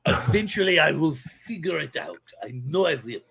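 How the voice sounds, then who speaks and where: A man's voice: a little high, expressive, moderate pace, gravelly, a loud crowd. A man hosting a casual live stream, rambling loosely and greeting viewers by name. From Pacific Northwest. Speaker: livestream host.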